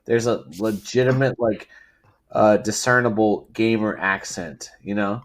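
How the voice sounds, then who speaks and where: A man's voice: on the low side, steady tone. A man from England, co-hosting a podcast in casual, playful banter. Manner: playful, teasing, quick to joke. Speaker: podcast co-host.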